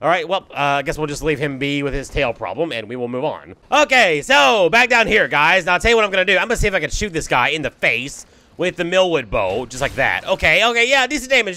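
A young man giving excitable, swearing let's play commentary while he fights through a game. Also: a little high, vocal fry. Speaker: gameplay commentator.

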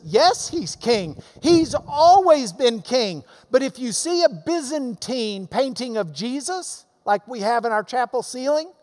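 A man teaching a Bible class, answering questions in an emphatic, animated lecture that swings between loud and soft. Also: extremely high pitch, long reverb tail.

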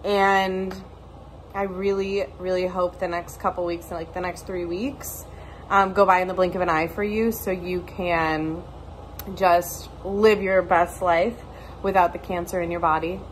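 A woman's voice: on the low side, steady tone, a little slow, a little hiss or hum, poor audio. A woman recording a heartfelt video message to a friend, with frequent fillers.

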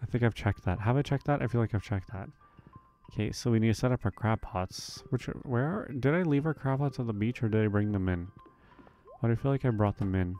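A man's voice: on the low side, a little fast, warm tone, faint music behind. A man casually commenting on a farming game as he plays, thinking aloud with frequent ums and questions to himself. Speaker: let's play host.

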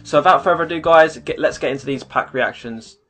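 A man's voice: a little high, a little fast, fairly bright tone, faint music behind. A man hosting a gaming video, talking casually and upbeat to his viewers. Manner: upbeat, addresses viewers as "guys". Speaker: video compilation host. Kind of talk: casual YouTube intro and outro.

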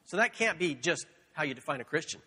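Animated high-voiced man preaching in a hall. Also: fast, breathy edge. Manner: playful, animated storytelling with animal sounds. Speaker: pastor. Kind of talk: sermon. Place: church sanctuary.

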